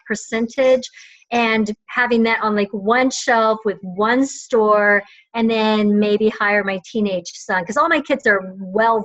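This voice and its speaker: Relaxed woman guest, slightly high voice, muffled lo-fi line. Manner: relaxed, thoughtful, laughs lightly. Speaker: guest entrepreneur. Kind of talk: casual interview chat.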